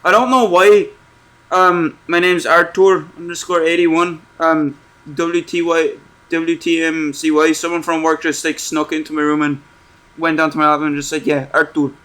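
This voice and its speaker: A young man doing casual, joking commentary on a horror game, reading its questions aloud slowly and answering sarcastically. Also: fairly high pitch, fairly bright tone. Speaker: gaming streamer.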